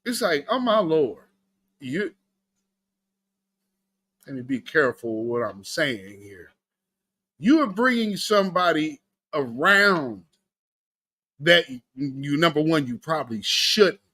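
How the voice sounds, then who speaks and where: A man's voice: on the high side, unhurried. A man hosting a live stream, giving casual political commentary, talking to his chat and laughing often. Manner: animated, laughing, talks to chat. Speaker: livestream host.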